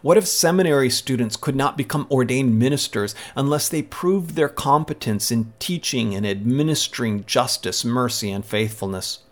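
A man giving a scripted teaching talk in a measured, rhetorical way, posing one question after another. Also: medium pitch.

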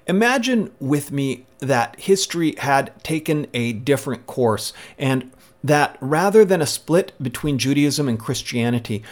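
A man giving a scripted teaching talk in a measured, rhetorical way, posing one question after another. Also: medium pitch.

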